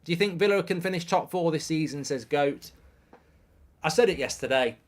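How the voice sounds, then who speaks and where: A middle-aged man hosting a live football watchalong, commenting on the match and reading out viewer messages with bursts of excitement. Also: fairly high pitch, normal speed. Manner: excitable, reads viewer messages aloud, repeats himself.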